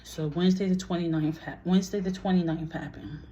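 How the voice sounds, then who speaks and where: A woman's voice: fairly low pitch, steady tone, brisk, dark tone, dull audio. A woman telling a personal story in a casual vlog, blunt and heated, swearing freely and acting out what others said.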